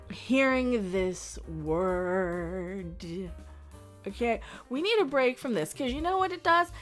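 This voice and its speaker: A woman with a slightly high voice delivers a blunt, sarcastic commentary rant, rambling and laughing as she goes. Faint music plays underneath her. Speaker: channel host.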